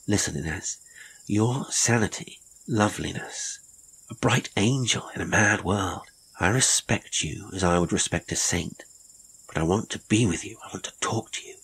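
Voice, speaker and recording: Narrator doing a castaway man, eager, pleading, low husky voice. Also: unhurried, a bit bright, full character voice, poor audio. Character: lonely, impulsive English castaway man, earnest.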